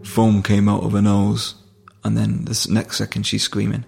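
Man, gravelly voice, flat delivery, emotional, halting, podcast guest. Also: on the low side, soft background music. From Durham, England. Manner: halting, emotional, many restarts. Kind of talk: personal storytelling in conversation.

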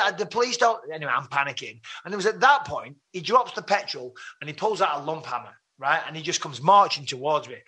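Bright-voiced Englishman telling a story. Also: fairly high pitch, husky. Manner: animated, acts out his own quotes with rising voice. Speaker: podcast guest. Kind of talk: storytelling in casual chat.

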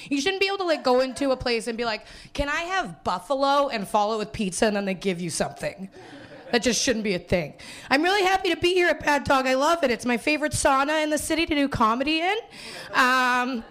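Performing stand-up for a live crowd, this hungover Winnipeg woman has a high, slightly bright voice. Her delivery is loose, rambling and self-deprecating, with frequent laughter and quoted lines in put-on voices.

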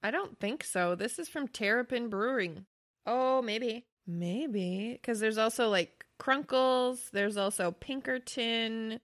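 A woman's voice: on the high side, slow pace, a bit bright. A young woman co-hosting a casual podcast chat, swearing freely and laughing often as she talks. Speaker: podcast co-host.

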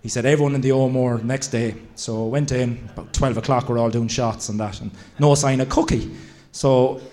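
A man, a former footballer, telling relaxed, chuckling anecdotes in casual chat. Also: medium pitch, moderate pace.

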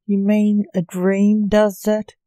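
A woman reading aloud gives voice to a curious, nervous young male wizard from a storybook. The voice is mellow and unhurried, asking questions with a slight lift, close to the mic with no room sound. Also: mid-range voice, monotone, no room sound, lightly acted.

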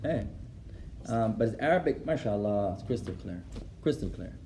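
A man's voice: fairly low pitch, animated, moderate pace, warm tone, slight background noise. A man teaching an Islamic lesson to a class. He switches between English and Arabic, translating as he goes, repeats phrases for emphasis and laughs at his own stories.

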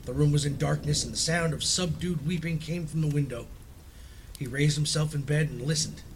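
A man with a somewhat high voice reading a spooky tale aloud, slow and solemn, with a faint hum behind him. He narrates steadily, letting each phrase land. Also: poor audio. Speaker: storyteller. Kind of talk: dramatic reading of a horror story.

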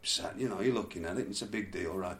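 A man's voice: low voice, fast talker, a bit bright. Man telling a rambling story. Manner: rambling, laughs through his stories. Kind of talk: casual storytelling chat. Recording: echoey room, faint background noise.

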